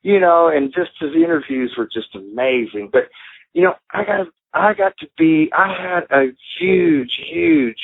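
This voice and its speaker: A man's voice: on the high side, unhurried, gravelly. A man telling wrestling stories in casual chat on a radio call-in show, rambling and laughing as he goes. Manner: animated, laughing, rambling with fillers. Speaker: wrestling guest. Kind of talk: casual storytelling. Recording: phone-line call-in audio.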